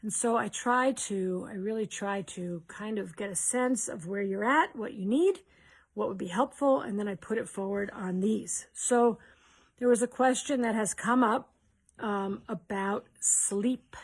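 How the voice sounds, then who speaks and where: In a mid-range voice at a slightly slow pace, a woman runs a live Q&A stream. Her talk is casual and rambling with restarts, and she greets viewers with cheers.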